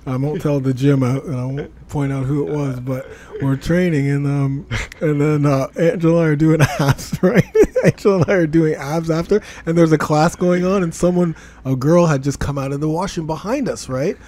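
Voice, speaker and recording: A man's voice: a little high, fairly even intonation, moderate pace, warm tone. A man hosting a casual fitness podcast, telling stories animatedly and swearing freely. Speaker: podcast host. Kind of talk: casual chat. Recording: faint background noise.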